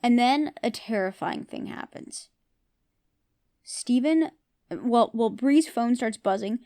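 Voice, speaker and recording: A woman's voice: on the high side, animated, slow pace, long pauses, warm tone. A woman hosting a podcast who recaps a TV episode in a casual, opinionated way and often asks her listeners questions. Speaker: podcast host.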